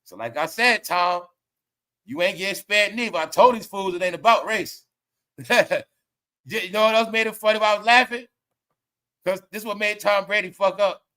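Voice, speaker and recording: A man's voice: sits high, normal speed, pauses often, bright, forceful tone. A man hosting a casual commentary stream, slangy and profane, laughing often as he tells stories. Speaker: commentary livestream host.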